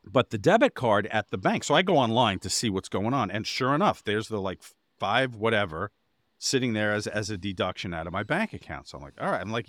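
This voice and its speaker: A man's voice: lowish voice, sing-song, fairly quick, fairly bright tone, dry recording. A man co-hosting a podcast, telling a rambling anecdote in casual chat and getting exasperated as he goes. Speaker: podcast co-host.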